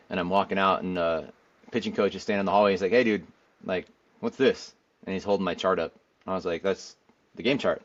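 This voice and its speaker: Low-voiced man telling a story casually. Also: lo-fi sound. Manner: rambling, filler-heavy, acts out quoted dialogue. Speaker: podcast guest, former pro pitcher.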